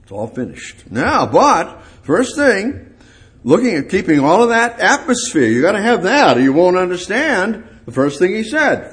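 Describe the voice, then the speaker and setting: A man preaching a sermon in a halting way, repeating phrases for emphasis, rising on key words and then dropping low. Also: huge pitch swings.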